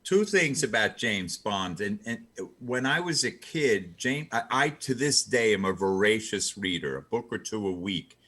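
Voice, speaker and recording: A man's voice: fairly low pitch, animated, unhurried, hardly any pauses, bright, forceful tone. A man on a casual chat panel, earnestly sharing trivia and memories. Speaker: panel guest.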